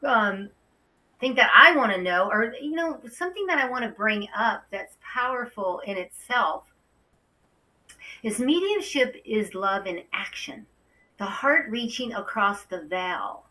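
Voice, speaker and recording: A woman's voice: a little high, animated, a little slow, pushed and bright, distant mic, rough recording. A woman hosting a spiritual talk show, effusive and exclaiming often. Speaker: show host.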